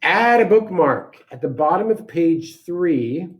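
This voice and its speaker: A man teaching a software lesson, talking through each step aloud in a casual way and correcting himself as he goes. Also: fairly high pitch, expressive, slow. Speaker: instructor. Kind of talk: screen-recorded software tutorial.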